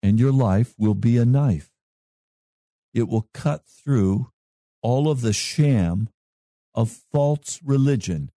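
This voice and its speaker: A male pastor preaching a sermon in a slow, measured way with long pauses. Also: mid-range voice, lively intonation, dark tone, no echo, studio quality.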